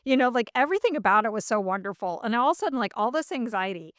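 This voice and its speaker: Animated woman podcast host telling a story. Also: fairly high pitch, very fast, no room sound, studio quality. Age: middle-aged. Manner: animated, acts out quoted voices, many fillers. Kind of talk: casual storytelling in an interview.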